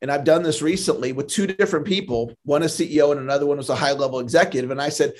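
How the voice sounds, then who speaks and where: A man's voice: fairly high pitch, rapid-fire, darkish tone. A man speaking as a sales trainer in a podcast interview, earnest and motivational, often repeating a word as he starts a thought.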